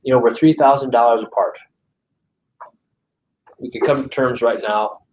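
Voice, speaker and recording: A man's voice: mid-range voice, fairly even intonation, moderate pace. A man giving a casual training talk to a live audience, chatty, often checking in with "right?" and acting out client calls. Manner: conversational, keeps asking "right?"; acts out client phone calls. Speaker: sales trainer. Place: meeting room with a live audience. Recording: echoey, distant, dull room recording.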